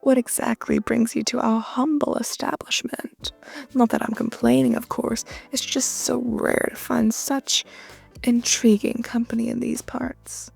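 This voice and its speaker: A woman's voice: fairly high pitch, fairly even intonation, measured pace, creaky, darkish tone, husky, faint music behind, exaggerated voice. A woman voicing a smug, charming, old-fashioned male radio demon who talks in a courtly, teasing way. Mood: purring.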